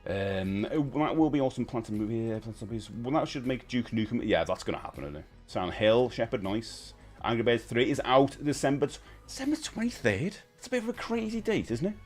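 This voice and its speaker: A man's voice: mid-range voice, brisk, few pauses, a little mellow, soft background music. A man, hosting a casual live stream and chatting with viewers in a rambling, friendly way. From United Kingdom. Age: 50s. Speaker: livestream host.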